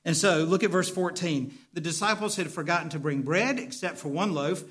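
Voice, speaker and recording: A man's voice: on the high side, moderate pace, slightly rough. A man preaching a sermon in a conversational way, often stumbling and repeating words while he calls out to his congregation. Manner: animated, calls for responses from the congregation. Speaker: pastor.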